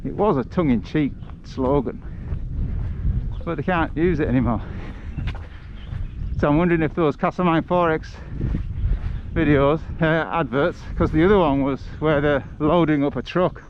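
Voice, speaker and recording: Out in the countryside, a man livestreams his walk, chatting and joking and laughing at his own stories. His voice is on the high side at a moderate pace, with the highs cut off and a noisy background.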